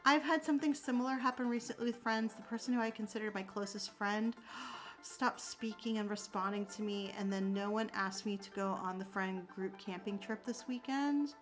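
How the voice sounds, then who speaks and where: A woman's voice: mid-range voice, fairly even intonation, moderate pace, soft background music, low-quality recording. A young adult woman chatting casually with her viewers. She rambles, with many fillers, and answers them sympathetically. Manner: warm, sympathetic toward viewers. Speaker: streamer answering chat. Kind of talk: casual chat.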